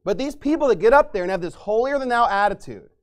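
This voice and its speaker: A man preaching a fiery sermon as pastor, angry and mocking, shouting at times. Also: high-pitched, animated, quick pace.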